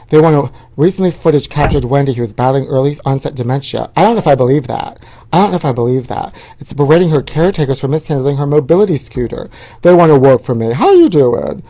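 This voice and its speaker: A man's voice: on the high side, mellow. A middle-aged man hosting a show, reading tabloid headlines aloud and riffing on them in a sassy, flamboyant way, calling the audience honey. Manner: sassy, flamboyant, calls viewers honey, reads headlines then riffs. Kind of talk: campy gossip commentary.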